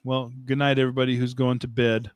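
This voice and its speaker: A man chats his way through a live stream at an average pitch, rambling and poking fun at himself with frequent laughter. He answers viewers' comments as they arrive. His voice sits close and dry on the mic. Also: level tone, fast, clear, resonant tone, no echo. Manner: rambling and self-mocking, laughs often, answers chat comments. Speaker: livestream host. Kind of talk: casual live-stream chat. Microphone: desk mic, streaming setup.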